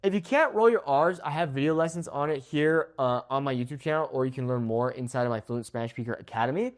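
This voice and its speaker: A young man teaching Spanish pronunciation to camera, drawing out model words slowly and checking in with "okay?" after each one. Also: medium pitch. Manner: slow, drawn-out model words, frequent "okay?" check-ins.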